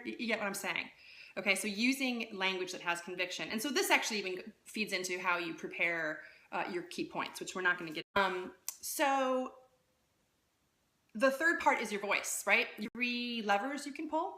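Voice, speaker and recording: A woman coaching public speaking in a casual live-streamed talk, lively and conversational, often checking in with "right?". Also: medium pitch, moderate pace, echoey room. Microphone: phone.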